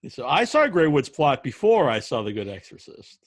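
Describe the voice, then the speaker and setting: Podcast host, a man of middle pitch, hesitant, filler-heavy questions. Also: big pitch swings, moderate pace. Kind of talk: interview questions.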